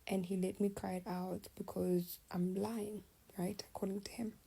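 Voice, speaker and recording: This young adult woman's creaky mid-range voice moves at a moderate pace as she shares a personal story storytime-style. Her animated, confiding retelling frequently sinks to a half-whisper, and the recording is low quality.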